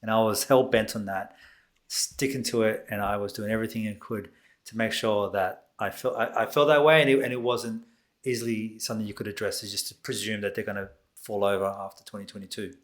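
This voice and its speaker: Australian man, fairly low voice, chatty podcast co-host, jokey storyteller. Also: steady tone, brisk. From New South Wales, Australia. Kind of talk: casual sports chat.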